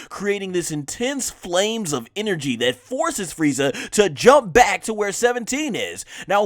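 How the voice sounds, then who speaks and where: Give me a male reviewer in casual chat, animated, recapping with lots of fillers. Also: sits high, dry recording, clean studio sound. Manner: recaps scenes with many fillers. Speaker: anime reviewer, co-host. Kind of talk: casual discussion.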